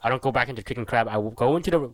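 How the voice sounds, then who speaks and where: A young man co-hosting a casual podcast chat, telling stories with lively acted-out quotes. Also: rapid-fire, dry recording. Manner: animated storytelling, acts out quotes with sudden high yelps. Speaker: podcast co-host.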